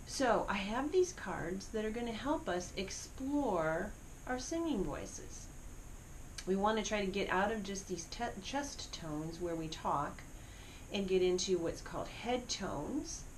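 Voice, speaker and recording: Woman teaching a gentle voice lesson. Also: medium pitch, lively intonation, takes it slowly, a little hiss or hum, poor audio. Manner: encouraging, demonstrating vocal slides. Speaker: music teacher. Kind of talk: voice lesson for students.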